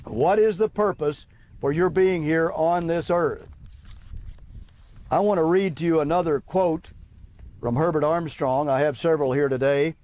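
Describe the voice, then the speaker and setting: A man's voice: a little high, measured pace, darkish tone. A man preaching to young people at an outdoor camp, reading quotes aloud and pressing rhetorical questions with emphasis.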